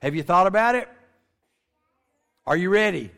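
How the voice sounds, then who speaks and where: A man's voice: high voice, expressive, normal speed, creaky, fairly bright tone. A man giving a folksy, joking talk to a family audience, stretching words for emphasis. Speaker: speaker at a creation ministry. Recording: long reverb of a large hall.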